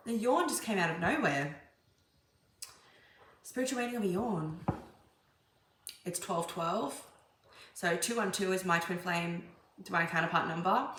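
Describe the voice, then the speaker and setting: A woman's voice: on the low side, noisy background. A woman tarot reader musing aloud in a casual, meandering channeling session, with lots of ums and restarts. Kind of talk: casual spiritual channeling monologue. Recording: echoey room.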